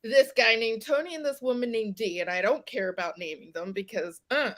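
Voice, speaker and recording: A woman from West Virginia, a podcast guest, telling a personal story in an animated way. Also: a little high, fairly quick. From West Virginia, USA. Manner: animated storyteller, acts out quoted exchanges. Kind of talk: podcast conversation.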